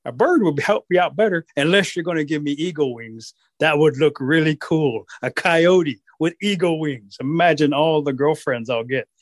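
A man's voice: a little high, moderate pace, hardly any pauses, dry recording, studio quality, natural voice. A man storyteller voicing a boastful, lazy male coyote trickster who brags and complains. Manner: cocky, easily tired, whiny.

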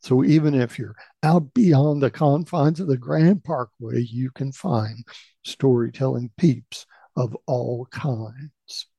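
Middle-aged man, radio storytelling host, gravelly, mellow, dry close sound. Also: medium pitch, fairly even intonation, slow pace, no echo. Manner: folksy, conversational storyteller.

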